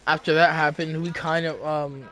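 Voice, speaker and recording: A man's voice: on the high side, flat delivery, normal speed, bright, forceful tone. A young man telling a rambling, casual story from his school days, full of restarts and fillers. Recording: noticeable background noise.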